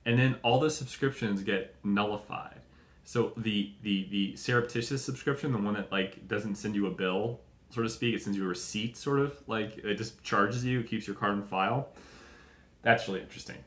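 A young podcast host rambles through a profane comic monologue, jumping between tangents and acting out little scenes. His voice has a fairly low pitch and fairly bright tone, at a moderate pace, with a roomy sound.

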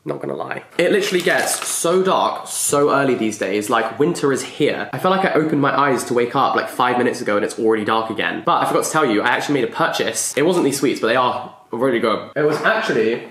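A young man talks straight to camera in a relaxed vlog, trading quick asides and self-mocking jokes. His voice sits at an ordinary middle pitch. The room around him adds a noticeable echo. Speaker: book vlogger. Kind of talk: casual vlog chat to camera. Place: his flat, indoors. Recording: roomy indoor echo.

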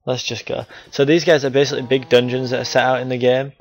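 A man's voice: mid-range voice, level tone, fast, poor audio. A man giving casual commentary while playing a game, talking to his viewers and breaking into frustrated outbursts at the enemies. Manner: talks to the viewers. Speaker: gaming video host.

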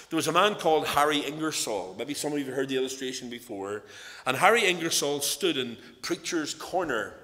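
A man's voice: mid-range voice, sharp tone. A man with a Northern Irish accent preaching an evening sermon in church, earnest and storytelling, his emphasis rising and falling. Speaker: lay preacher. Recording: echoey church hall.

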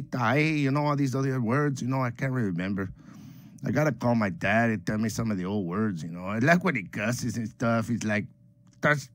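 A man's voice: mid-range voice, a bit bright, no room sound, natural voice. A man voicing a boastful, joking streetwise homeboy character who rambles and mixes Spanish slang words into his English, in a comedic character monologue. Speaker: comic book collecting vlogger.

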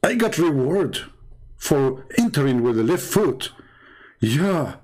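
A man's voice: a little high, very animated, slow, darkish tone. A man hosting a live stream, talking in scornful, sarcastic rhetorical questions with broken, non-standard English grammar. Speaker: livestream host. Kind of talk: mocking live-stream commentary.

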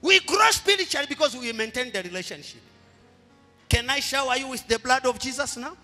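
A man with a Zambian accent, a pastor leading a fervent prayer, repeating and shouting short lines. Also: extremely high pitch, expressive, brisk. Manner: repetitive chanted exhortations, often shouted. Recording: echoey hall with music behind.

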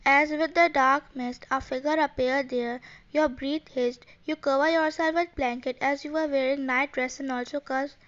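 A woman reading fan fiction aloud in a plain, even way, with non-native phrasing, on a dull lo-fi home recording. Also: high-pitched, moderate pace. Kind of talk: story reading.

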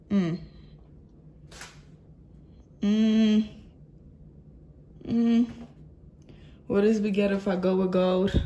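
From a hotel room, a young woman travel vlogger talks casually to her phone camera in a mid-range, darkish voice. She's chatty, blunt and candid, using plenty of slang.

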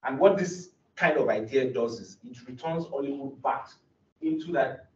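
A young doctoral student speaks at a moderate pace and medium pitch during an academic talk, earnestly explaining and frequently starting over. Captured in a presentation room, the audio is roomy, distant and dull, with a faint hiss or hum.

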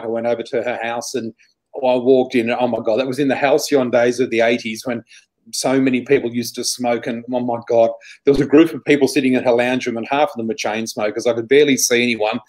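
A man, a psychic guest telling lively anecdotes, laughing often and acting out what people said. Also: medium pitch, brisk. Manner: animated, laughs often, acts out quoted dialogue. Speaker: psychic flower reader, interview guest. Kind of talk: storytelling anecdote.

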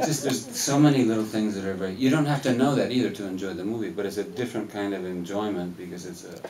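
A man on a film Q&A panel, talking in a rambling, animated way and laughing as he tells stories in a cinema hall. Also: lowish voice, quick pace, few pauses, far from the mic, crowd noise. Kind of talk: casual live Q&A storytelling. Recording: echoey hall, mic heard from afar.

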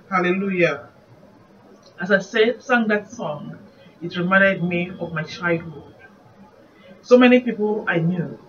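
A woman evangelist with a Nigerian accent, giving an earnest, reflective devotional sermon. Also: fairly low pitch. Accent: Nigerian English. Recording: muffled distant recording, faint background noise.

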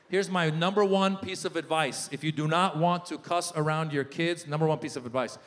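Man, stand-up comedian, animated storytelling, high voice, reverberant hall, faint crowd ambience. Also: unhurried, long pauses, a little hiss or hum. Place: large theater stage.

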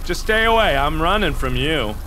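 Frantic, bright-voiced young male gamer. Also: on the high side, expressive, normal speed, a little hiss or hum. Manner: loud frantic shouting and exasperated ranting. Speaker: gaming video host. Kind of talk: horror game playthrough commentary.

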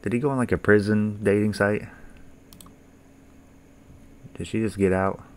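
A man's voice: fairly low pitch, steady tone, measured pace, slight background noise. A young man casually commentating a horror game, joking, swearing and talking back to the characters. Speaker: gaming YouTuber.

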